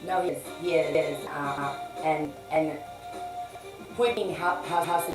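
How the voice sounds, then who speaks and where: A woman guest, a musician, chatting casually with a deep, throaty voice, rambling and restarting, swearing freely. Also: steady tone, a little slow, echoey room, distant mic, music in the background, poor audio. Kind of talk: casual chat.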